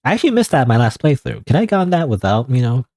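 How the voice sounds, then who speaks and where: A man's voice: medium pitch, sing-song, very fast, darkish tone, dry recording. A young man casually commenting while playing a game, musing aloud with restarts. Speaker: let's play gamer. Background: faint game synth music.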